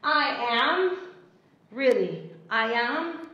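Slow, high-voiced teacher. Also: female voice, animated, bright, forceful tone. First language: Spanish. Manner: switches between English and Spanish, drills words for repetition; sleepy but encouraging. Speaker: English teacher. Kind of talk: online class for young children. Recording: roomy, dull lo-fi livestream audio.

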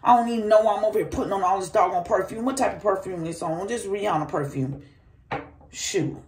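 A woman venting to her handheld phone camera, telling a story in an animated, exasperated way. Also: mid-range voice, brisk, echoey room, a little hiss or hum. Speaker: vlogger.

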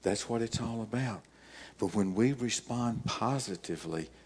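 An older man preaching a sermon as pastor, emphatic, telling stories with dramatic pauses. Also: fairly low pitch, breathy edge.

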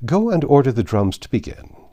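A man's voice: medium pitch, big pitch swings, fairly quick, dark tone, voice pushed up, lightly acted. A man reading aloud, voicing a fussy, nervous old king who repeats himself. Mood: fretful. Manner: anxious, repeats words.

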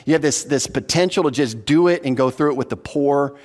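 A man's voice: mid-range voice, brisk, darkish tone. A man preaching an expository sermon as pastor, earnest and teacherly, stressing points by repeating them. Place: church hall. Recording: long hall reverb.

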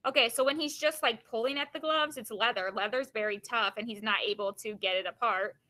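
A woman reading a children's chapter book aloud, pausing to explain the story in plain, casual words. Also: fairly high pitch, pushed and bright, rough recording.

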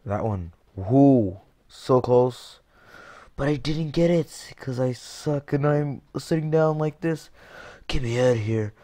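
A young man giving jokey let's-play commentary over a game, excitable, with sudden yelps and shouts. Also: medium pitch, slow. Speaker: gaming YouTuber.

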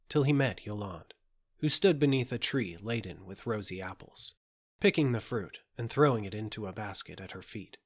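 A man narrating a fairy tale audiobook in a calm, measured reading. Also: lowish voice, husky. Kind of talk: storybook narration.

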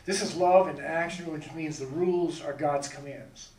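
Male pastor, sermon delivery, emphatic with rhetorical questions; slightly high voice, picked up from a distance in a reverberant hall. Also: moderate pace, darkish tone. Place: church sanctuary.

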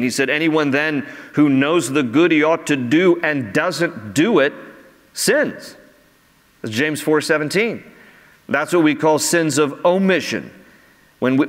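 Earnest pastor preaching in a hall. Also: male voice, fairly high pitch, fairly bright tone. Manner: earnest preaching, rising emphatically on key phrases. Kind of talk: sermon. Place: church sanctuary.

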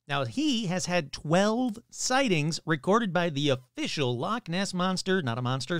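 A man's voice: sits high, a bit bright, clean tone, dry recording, clean studio sound. A man hosting a paranormal podcast, reading news stories in a casual style with joking, self-deprecating asides. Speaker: podcast host. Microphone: studio microphone, adjusted mid-show.

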